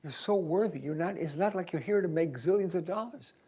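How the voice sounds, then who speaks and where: An older man leads a seminar in a university auditorium with a voice pitched a little high for a man. He talks in a conversational, emphatic way, dropping to soft asides and then pushing key points out loud. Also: a little fast, slightly rough. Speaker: career coach leading a seminar. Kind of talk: lively seminar talk.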